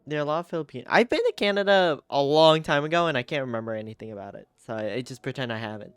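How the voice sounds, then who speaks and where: A man's voice: medium pitch, very fast, clear, resonant tone, no echo, soft background music. A male streamer chatting casually and giggling often while playing a game. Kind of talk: casual gaming stream chat.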